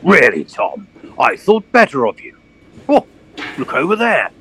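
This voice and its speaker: A man's voice: a little high, wildly swooping pitch, a little slow, bright, forceful tone, heavily acted. A man playing a posh blustering old colonel, swooping voice, faint background hum. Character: pompous old bargain-hunting colonel.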